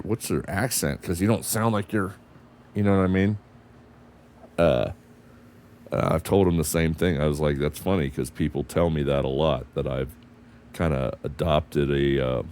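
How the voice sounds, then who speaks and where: A man's voice: a bass voice, a little mellow. A man streaming a space game, talking to himself and his chat in a mixed American accent that is neither northern nor southern, muttering and swearing as he flies. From United States. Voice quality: gravelly. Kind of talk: casual gameplay commentary.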